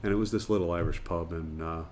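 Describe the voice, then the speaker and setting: A man's voice: sits low, fairly even intonation, quick pace, darkish tone, a little hiss or hum. A man being interviewed, a retired firefighter and pub owner, chatting through anecdotes with plenty of fillers. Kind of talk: casual storytelling interview.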